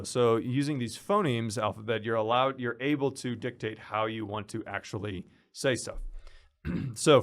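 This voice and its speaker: A man casually walking through a software tutorial, explaining as he goes with fillers and restarts. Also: on the low side. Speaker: instructor. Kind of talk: screen-recorded software tutorial.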